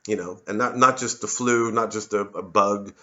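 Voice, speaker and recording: Sardonic man with a low voice. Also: steady tone, moderate pace, bright, forceful tone, dull audio. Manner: sardonic, swearing, mocks others in put-on voices. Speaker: comedian and satirist. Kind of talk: rambling monologue.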